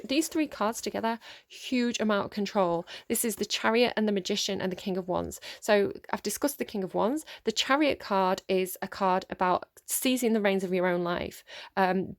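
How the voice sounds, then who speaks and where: A woman talks through a tarot reading at a middle pitch, in a casual, rambling way. She fills her talk with ums and sighs, and the recording is close and dry with no room sound. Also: dry recording. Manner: rambling, many fillers and sighs. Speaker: tarot reader.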